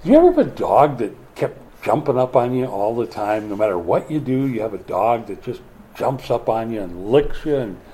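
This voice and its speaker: A man's voice: medium pitch, normal speed. A middle-aged man preaching a sermon, telling stories and acting out the voices of other people. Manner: animated storyteller who acts out other voices. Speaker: pastor.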